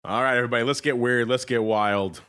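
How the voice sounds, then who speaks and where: A male podcast host with a mid-pitched voice, rattling off figures in a quick, upbeat rundown. He keeps calling out to his listeners as he goes. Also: steady tone, sharp tone, smooth. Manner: upbeat, addresses listeners, quick list reading. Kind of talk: rapid-fire market rundown.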